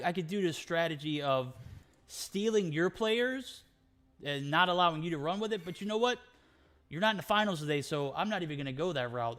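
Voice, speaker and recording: A man's voice: fairly high pitch, fairly bright tone. A man casting a live esports stream, hyped and bantering as he runs through player names. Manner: hyped, rapid name-listing banter. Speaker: esports caster.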